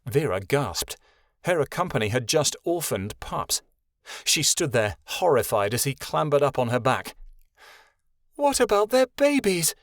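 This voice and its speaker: A man reading a fantasy audiobook as narrator, in a steady, measured way. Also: mid-range voice, no echo, studio quality. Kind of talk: scripted narration.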